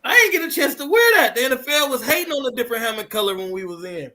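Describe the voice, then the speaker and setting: A man, a former pro football player, co-hosting a casual sports chat in a loose, slangy, excitable way. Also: very high voice, rapid-fire.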